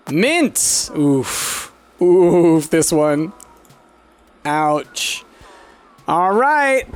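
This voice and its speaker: A man's voice: fairly high pitch, very animated, very slow, long pauses, smooth, soft background music. A man casually commenting on a game while streaming, chatty, laughing often and talking to the pets on screen.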